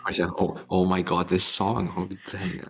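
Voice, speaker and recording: A man's voice: sits low, flat delivery, moderate pace, breathy edge, soft background music. A man casually talking through tournament maps on a live stream, rambling with many fillers and restarts. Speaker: tournament mappool showcaser.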